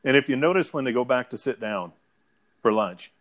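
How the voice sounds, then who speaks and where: A middle-aged man co-hosts a podcast, casually chatting about a film and quoting its lines like a relaxed storyteller. His voice is medium-pitched and fairly quick.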